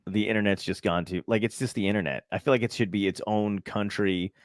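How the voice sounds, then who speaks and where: A man's voice: on the low side, steady tone, fairly quick, no room sound, studio quality. A man hosting a podcast in casual chat, rambling, laughing easily and swearing often. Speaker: podcast host.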